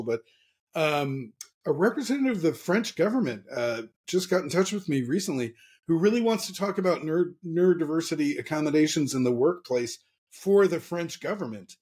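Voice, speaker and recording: A man's voice: on the high side, very animated, brisk, darkish tone. A man being interviewed as a guest author, talking candidly and earnestly with frequent restarts. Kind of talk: casual interview chat.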